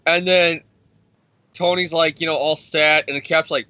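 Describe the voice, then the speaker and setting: A man co-hosting a podcast, recapping a comic book in a rambling, profane, excitable way. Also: fairly high pitch, normal speed, dry recording. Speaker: podcast co-host. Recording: dry, dull lo-fi sound.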